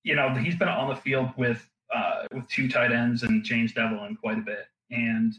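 Man, podcast guest analyst, wry and laughing, bright forceful voice, echoey room. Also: medium pitch, steady tone, normal speed, a little hiss or hum. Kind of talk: casual podcast chat.

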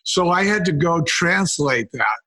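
An older man talks through his company's early days in a relaxed interview. His voice is husky and sits a little high for a man. He tells stories by acting out the people he met. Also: a little slow. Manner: anecdotal, quotes people in lively retellings. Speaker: wine company co-founder, guest. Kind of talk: casual interview storytelling.

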